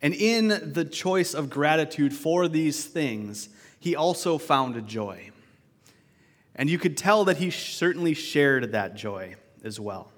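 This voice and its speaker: A man's voice: fairly high pitch, expressive, slow. A man preaching a sermon as pastor, talking in a conversational, reflective way with restarts and asides. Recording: long reverb of a large church hall.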